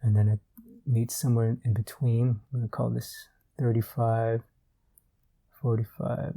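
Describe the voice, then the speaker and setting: A man giving a relaxed art tutorial while he works, thinking aloud with fillers and repeated words. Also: medium pitch, measured pace, gravelly, pauses often, breathy edge. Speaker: art instructor.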